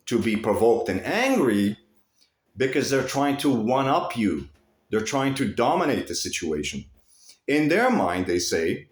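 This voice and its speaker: Animated, profane man talking in an echoey room. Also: on the low side, measured pace. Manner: rambling, profane, with frequent restarts and animated swings. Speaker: vlogger. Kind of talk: casual monologue to camera.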